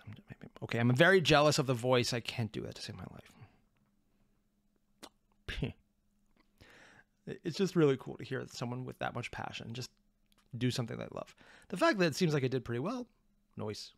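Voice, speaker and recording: A man hosting a reaction video, excitable and rambling, with self-deprecating asides, on a close mic. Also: fairly high pitch, a little fast, gravelly, no echo. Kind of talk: reaction commentary.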